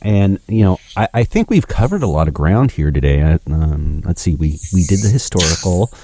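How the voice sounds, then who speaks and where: Male podcast co-host, very low and warm, lively pitch, stumbles and restarts. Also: dry recording. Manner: halting, repeats words, chuckles. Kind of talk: casual chat and joke telling.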